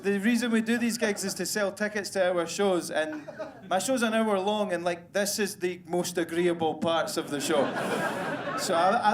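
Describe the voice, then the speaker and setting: Scottish man, stand-up comedian, fairly high voice, crude and rambling, live venue noise. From Scotland. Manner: crude, self-deprecating, rambling. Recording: live room with crowd ambience. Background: audience laughter.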